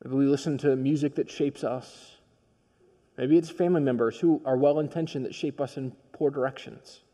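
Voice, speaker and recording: A man's voice: mid-range voice, fairly even intonation, moderate pace. Man preaching in a reverberant hall. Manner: storytelling, swings from quiet to emphatic. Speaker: pastor. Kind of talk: sermon.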